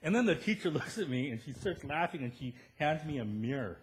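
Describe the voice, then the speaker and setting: Animated male pastor preaching a sermon. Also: medium pitch, fast talker, hardly any pauses, a little hiss or hum. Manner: animated storytelling, rising to loud emphatic peaks, tag questions "right?"; self-deprecating humor. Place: church.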